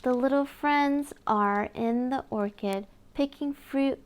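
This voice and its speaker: A woman with a high, light voice reads a children's picture book aloud. She takes her time, leaving room after each line. Her delivery is gentle and sing-song, full of small gasps and coaxing questions. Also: slow, clean tone. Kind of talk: read-aloud for young children.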